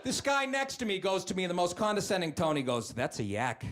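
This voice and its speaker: A man's voice: high voice, big pitch swings, fairly bright tone, a little hiss or hum. A man doing a stand-up set in a comedy club, telling brash, profane stories and acting out the people in them. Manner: brash, profane, fast storytelling with acted-out voices. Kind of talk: stand-up routine. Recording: club set with crowd laughter.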